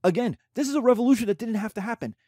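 A man teaching a history lesson in a conversational, animated way, often checking in with asides. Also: extremely high pitch, racing, no room sound, studio quality. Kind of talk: casual history lecture.

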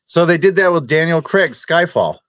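A man in a casual chat, jokey and animated, often restarting sentences. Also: on the high side, normal speed, dry recording.

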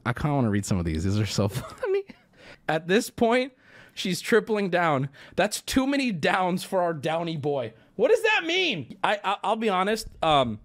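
This is a young man ranting and riffing in a relaxed way during a live stream; he rambles, curses, and now and then lets out abrupt, high-pitched squeaks.

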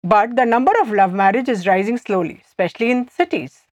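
A woman from India with an Indian accent, leading a scripted language lesson and repeating phrases slowly and clearly. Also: mid-range voice, darkish tone, no echo, lo-fi sound. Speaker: language teacher.

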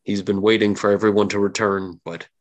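A man's voice: lowish voice, flat delivery, brisk, natural voice. A man voicing a haggard, wary elf guard speaking with a broken accent in a tabletop game. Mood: confiding. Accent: broken, foreign-sounding speech. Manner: wary, hushed confiding.

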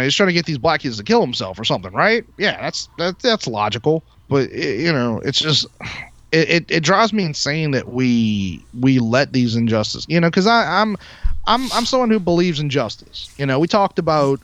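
A man's voice: on the high side, big pitch swings, fairly quick, fairly bright tone, dry recording. A man hosting a podcast who delivers a heated, profane, emphatic rant. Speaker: podcast host. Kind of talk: ranting podcast monologue. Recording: dull lo-fi, dry sound.

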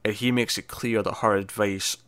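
A man on a casual podcast, his voice sitting a little on the low side. He retells scenes with animation and slips into the characters' lines as he goes. The recording is dry and close, with no room sound. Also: steady tone, moderate pace, fairly bright tone, dry recording. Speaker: podcast co-host. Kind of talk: casual TV episode discussion.

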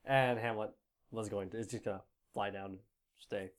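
A man narrating as game master in a tabletop game, talking in a laid-back, fairly monotone way with many "like"s. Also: fairly low pitch, moderate pace.

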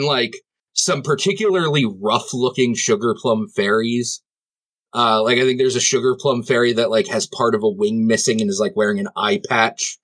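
A man's voice: medium pitch, fairly bright tone. A man playing a tabletop game, describing scenes in a rambling way with lots of fillers. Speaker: player.

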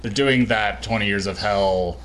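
A man's voice: on the low side, unhurried, a bit bright, a little hiss or hum. A man co-hosting a casual wrestling podcast, joking around with friends. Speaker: podcast co-host.

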